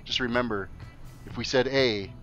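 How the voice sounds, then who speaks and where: Male streamer, casual, jokey, mid-pitched, soft game music under. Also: moderate pace, dull audio. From Canada, Alberta. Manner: joking, chatty, reads viewer chat aloud. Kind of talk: casual gameplay chat. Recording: faint game music behind.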